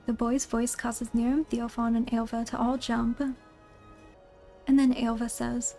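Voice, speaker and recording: A woman's voice: on the high side, little pitch movement, measured pace, creaky, dark tone, faint music behind. A woman narrating a spooky play aloud, reading the stage directions in a plain storybook way.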